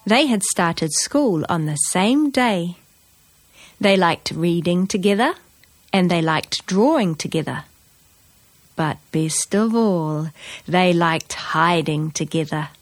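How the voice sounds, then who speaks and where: Slow, clear woman reading a children's book. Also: lowish voice, expressive, no echo. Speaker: narrator.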